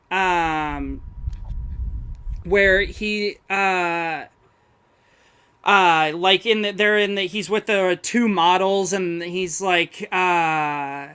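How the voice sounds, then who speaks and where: A young man in a casual film discussion, talking in a halting way as he searches for words, with loose, amused slang. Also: high voice, bright, forceful tone, clear, resonant tone. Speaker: film podcast co-host.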